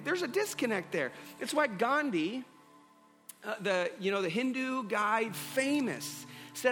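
A male pastor delivers an earnest sermon in a high, bright voice. He repeats key phrases to drive them home. The sound carries a long hall reverb with faint music underneath. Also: expressive, measured pace.

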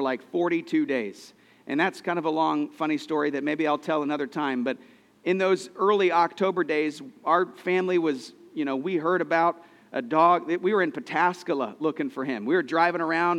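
Earnest pastor with restarts, hall reverb. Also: male voice, on the high side, a bit bright. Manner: earnest, personal storytelling with many restarts. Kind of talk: sermon.

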